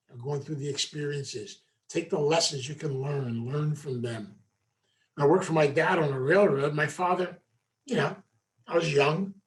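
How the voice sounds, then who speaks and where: Folksy man telling a life story. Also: on the high side. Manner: folksy, conversational, many asides. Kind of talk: storytelling talk to a group.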